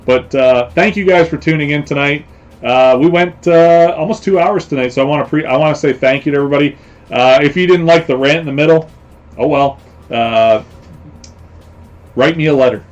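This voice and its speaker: A man hosting a livestream show, chatting casually and rambling between jokes with a quick laugh. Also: on the high side. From Canada. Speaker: show host. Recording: slightly dull lo-fi stream audio.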